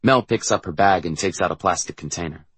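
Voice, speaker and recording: Man, audiobook narration, low pitch, husky, dry close sound. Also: fairly quick, a bit bright, no echo. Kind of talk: first-person audiobook narration.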